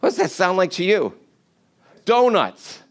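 A man's voice: sits high, big pitch swings, measured pace. Man preaching a casual, chatty sermon. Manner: storytelling, acts out complaining voices in paraphrase; chatty, joking with the congregation.

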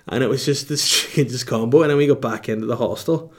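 A man tells a comic story in a loose, rambling way. He laughs often and swears freely, and his pitch sits in a middle range. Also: quick pace. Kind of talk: comedic storytelling.

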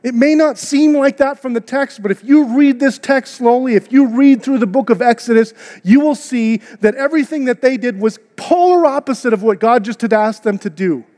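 This pastor's voice is extremely high and a little mellow, moving at a normal speed with hardly any pauses. He preaches earnestly and conversationally to his church, asking rhetorical questions, and the auditorium adds a long hall reverb.

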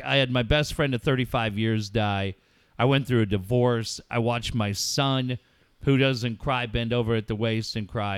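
Middle-aged guy radio host, emotional and sweary, smooth voice, dry studio sound. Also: medium pitch, a bit bright, no echo. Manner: heartfelt, swears freely, halting pauses. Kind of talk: emotional casual talk.

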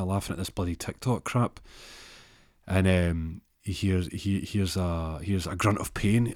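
A man's voice: low-pitched, steady tone, moderate pace, a little mellow, no echo, studio quality. A man telling a comic story in a rambling way, full of restarts and fillers.

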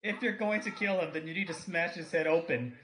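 A man plays an eager, morbid little dog who gives advice in a quick, matter-of-fact way. The voice is bright and fairly high. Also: slight background noise, natural voice, poor audio.

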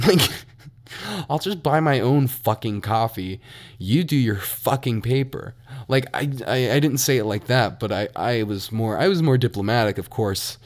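A young man in his twenties hosting a solo podcast, ranting with constant swearing and frequent laughter. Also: lowish voice. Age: young adult. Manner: profane, ranting, laughs often. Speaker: podcast host.

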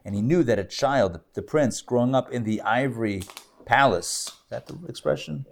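Lively storytelling man teaching a class. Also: medium pitch, normal speed, creaky. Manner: lively storyteller with asides and jokes. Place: classroom with audience.

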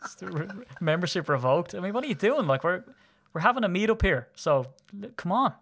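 A man in his thirties from Ireland, co-hosting a podcast in quick, teasing casual chat. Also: high voice, big pitch swings, a bit bright. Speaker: podcast co-host.

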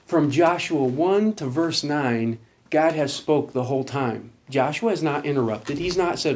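A man's voice: fairly high pitch, measured pace, a little hiss or hum. A man preaching a sermon, explaining scripture with earnest emphasis and reading verses aloud. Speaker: pastor.

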